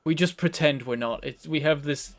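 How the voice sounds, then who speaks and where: A man from northern England with a softened northern English accent, rambling and chatty as he streams a game. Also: a little high, normal speed. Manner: rambling, chatty, self-correcting. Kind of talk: casual live-stream game commentary.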